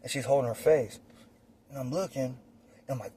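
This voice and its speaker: A man telling a personal story casually, outdoors on his phone, animated and profane, acting out the scenes as he goes. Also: medium pitch, fairly quick, husky. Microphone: phone or camera.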